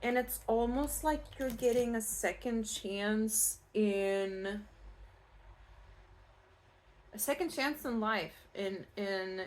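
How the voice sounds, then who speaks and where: A Scottish woman giving a casual pick-a-card tarot reading, chatty and reassuring, with many fillers and restarts. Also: medium pitch. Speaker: tarot reader.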